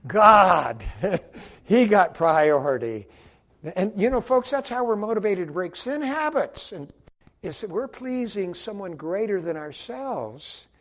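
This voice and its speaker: A man preaching a sermon, acting out quotes and swinging from loud to quiet. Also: high voice. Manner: animated, acts out quotes, rises and drops in volume.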